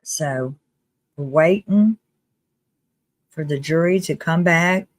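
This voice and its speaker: A live-stream host giving casual commentary in a chatty, earnest way, with restarts and quick laughs. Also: medium pitch, no echo. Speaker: livestream host.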